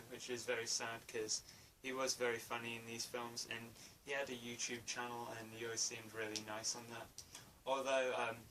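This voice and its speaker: A man's voice: medium pitch, sharp tone. A man giving a casual spoken film review, hesitant, with many fillers and restarts. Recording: distant mic, faint room noise.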